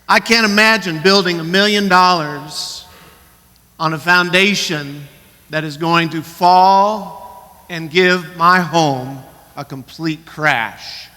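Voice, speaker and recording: A man from Colorado preaching a sermon as pastor, earnest and questioning, moving between quick stretches and slow emphatic phrases. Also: sits high, pushed and bright. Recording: church hall with long reverb.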